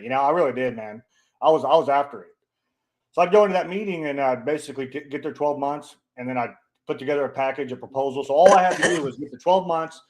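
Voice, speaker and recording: A man chatting on a podcast, telling a story in a blunt, profane, animated way and acting out the people he quotes with a raised voice. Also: on the high side. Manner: profane, blunt, animated, pushes his own story hard. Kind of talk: casual storytelling chat.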